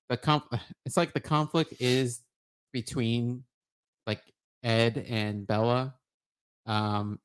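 A young man chats casually as a podcast co-host, his voice sitting a little low. He rambles through his points with plenty of filler words. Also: clean tone. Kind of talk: casual chat.

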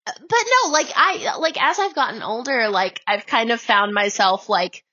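A young woman from the Appalachian South with a light Southern accent and a high, cute voice, talking casually as an interview guest in a rambling, self-mocking way full of "like". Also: expressive, moderate pace, pushed and bright, muffled recording. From Appalachian South, USA.

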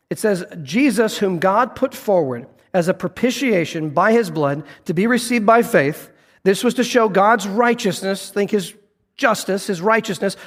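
A man preaching a sermon as pastor, earnest, dropping low and soft to stress a point. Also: in a large hall.

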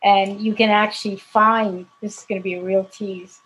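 Husky-voiced chatty actress guest. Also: female voice, medium pitch, little pitch movement, moderate pace, fairly bright tone, rough recording. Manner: chatty, laughs often while telling stories. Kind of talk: casual anecdote telling.

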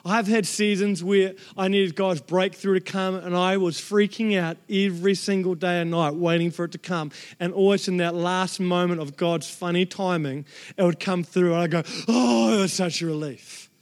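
A man preaching a sermon, telling a family story with lively acted-out voices. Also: sits high, normal speed. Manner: animated storyteller acting out quoted family voices. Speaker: pastor.

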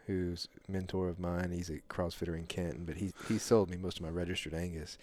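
Low-voiced man telling a rambling story. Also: fairly quick, no room sound. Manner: rambling, animated storyteller with frequent fillers and laughs. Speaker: podcast host. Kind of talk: casual storytelling chat.

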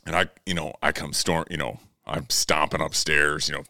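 A man in his thirties telling family stories in casual chat, acting out quotes, swearing and laughing loudly. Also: deep voice, normal speed, hardly any pauses, dry recording, clean studio sound. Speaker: podcast co-host.

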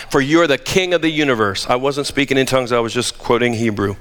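A man's voice: mid-range voice, quick pace, few pauses, fairly bright tone, clear, resonant tone. A man preaching a sermon as pastor, emphatic with joking asides, in a church sanctuary. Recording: long reverb of a large hall.

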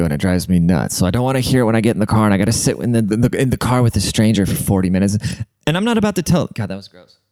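Laid-back profane guy, low smooth voice. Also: darkish tone, no echo. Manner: profane, rambling, laid-back with slangy asides. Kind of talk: casual storytelling rant.

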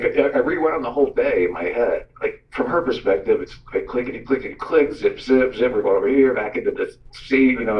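A man who works as a radio host gives a teaching talk, telling stories and acting out the voices in his quotes. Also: medium pitch. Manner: storytelling, animated, acts out quotes. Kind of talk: sermon-style teaching talk. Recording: roomy, distant, dull sound.

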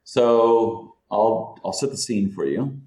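Deep-voiced man telling a story. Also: slow. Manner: animated, profane, laughing as he tells a story. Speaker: guest, entrepreneur. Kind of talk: casual storytelling.

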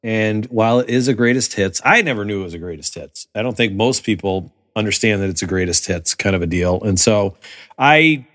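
A man co-hosting a podcast, talking slowly and thoughtfully with hesitations. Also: on the low side, expressive, fairly bright tone, no room sound, clean studio sound. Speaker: podcast co-host. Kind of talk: casual chat.

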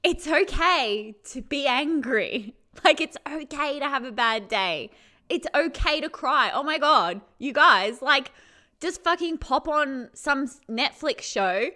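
Chatty lady vlogger, kinda high bright voice, curses a lot, keeps going "right?". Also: expressive, slow pace. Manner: chatty, swears freely, laughs often, dramatizes feelings. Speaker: vlogger giving self-help advice. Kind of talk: casual direct-to-camera chat.

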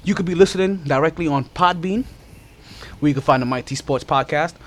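A man hosting a casual sports podcast, slightly out of breath, talking loosely and animatedly with lots of shout-outs. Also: fairly high pitch, a little fast. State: a little out of breath. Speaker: podcast host.

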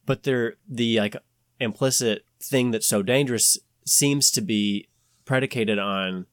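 A man hosting a podcast, talking in a rambling, animated way with many restarts. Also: medium pitch, unhurried, no room sound, clean studio sound. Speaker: podcast host. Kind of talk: casual podcast chat.

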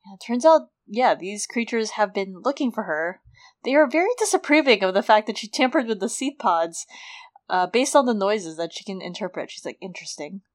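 Woman, podcast co-host, mid-pitched voice, casual chat, giggly. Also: fairly quick. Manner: giggly, animated storyteller. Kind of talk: casual book-discussion podcast.

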